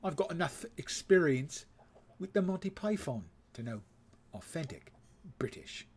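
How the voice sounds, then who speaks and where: A man's voice: on the high side, sing-song, a little slow, darkish tone, slight background noise. A man streaming a game live, adding sarcastic, jokey asides. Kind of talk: live game playthrough commentary.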